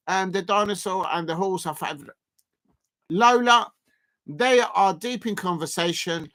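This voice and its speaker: A live-stream host giving rambling, casual football watchalong commentary, shouting out chat viewers and bursting into excited shouts at chances. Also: mid-range voice.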